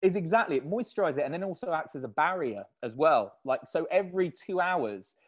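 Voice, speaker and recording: A man being interviewed on a podcast, telling stories in an animated, casual way and laughing often. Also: fairly high pitch, fairly quick. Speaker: podcast guest, endurance athlete.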